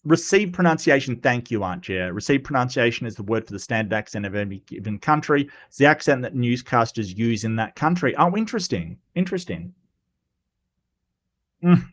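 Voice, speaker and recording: A male livestream host in casual commentary, reading chat aloud, chatty and teasing, often repeating words and filling pauses. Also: mid-range voice, big pitch swings, a bit bright.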